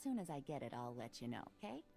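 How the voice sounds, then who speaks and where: A sarcastic young bookshop clerk. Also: female voice, rumbling low, big pitch swings, fast talker, vocal fry, dark tone, faint music behind, full character voice. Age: 20s. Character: witty young woman bookshop assistant, sharp-tongued. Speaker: game character. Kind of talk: voiced adventure game dialogue.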